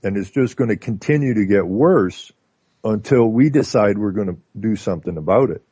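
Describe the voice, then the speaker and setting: A Canadian man with a fairly low, dry voice tells stories on a call-in radio show. He talks in an animated way and fills his pauses with "uh" and "you know." The line sounds dull and lo-fi. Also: slightly rough, dry recording. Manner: animated storytelling with filler words. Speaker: guest. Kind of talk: casual radio talk.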